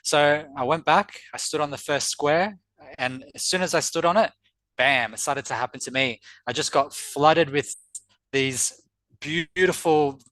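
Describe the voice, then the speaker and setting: A man's voice: a little high, unhurried, a bit bright, no room sound. A middle-aged man telling a personal story on a podcast, earnest and reflective, often repeating words as he recalls. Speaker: podcast guest.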